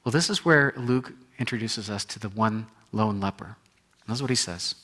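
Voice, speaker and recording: Animated male pastor preaching a sermon. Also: on the low side, moderate pace. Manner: animated storytelling, acting out quotes, swinging between loud and hushed.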